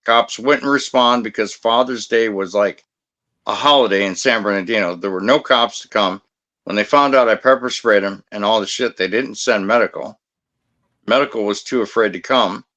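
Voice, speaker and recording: A man's voice: fairly low pitch, moderate pace, sharp tone. A man in his fifties who works as a security guard, telling a story in blunt, profane, combative casual talk. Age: 50s.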